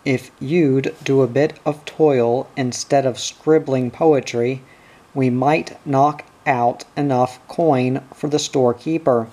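A man voicing a grumbling gold-miner who trades gruff insults, read slowly. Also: mid-range voice, steady tone, dark tone. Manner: gruff, wrathful retorts.

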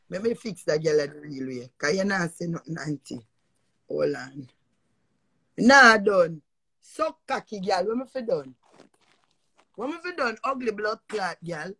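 A woman's voice: on the high side, fairly bright tone. An older woman with a Jamaican accent ranting on a live stream, cursing and repeating herself in a confrontational way. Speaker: social media personality. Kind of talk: heated live-stream rant.

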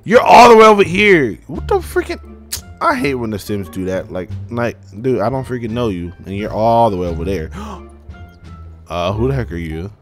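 A young man hosting a gaming channel, giving excitable, casual let's-play commentary and talking straight to his viewers. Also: mid-range voice, normal speed, soft background music. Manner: excitable, animated, talks to viewers as "y'all".

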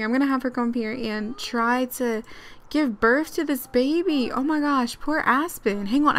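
A young woman giving chatty, excitable let's-play commentary with frequent giggles. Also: a little high. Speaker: gaming channel host.

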